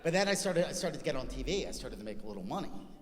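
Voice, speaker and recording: A man in his forties doing live stand-up comedy on stage, telling self-deprecating stories in an animated way into a handheld mic. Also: medium pitch, racing, a crowd in the background. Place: stage before a live audience. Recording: long reverb of a live venue.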